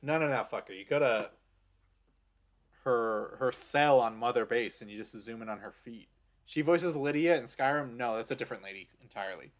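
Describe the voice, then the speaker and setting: A man's voice: mid-range voice, moderate pace. A man giving casual gameplay commentary, crude and joking, swearing often. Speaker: game streamer.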